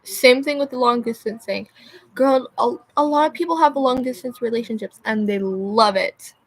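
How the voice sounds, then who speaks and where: A young woman speaks at a moderate pace in a fairly high voice while rambling on a livestream, constantly using fillers and losing track of what she was saying.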